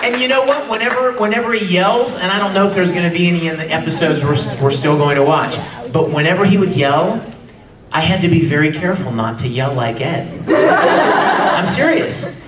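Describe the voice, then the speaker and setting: A man speaking on a live convention panel, lively and chatty, now and then acting out character lines and yells. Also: sits high, normal speed. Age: adult, no longer sounds young. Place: large convention hall with audience. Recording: echoey hall taped from far off with crowd.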